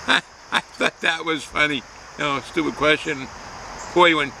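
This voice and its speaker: A man's voice: on the high side, fairly even intonation, moderate pace, creaky, background noise. A man giving a casual, folksy beer review outdoors, rambling with lots of hesitations.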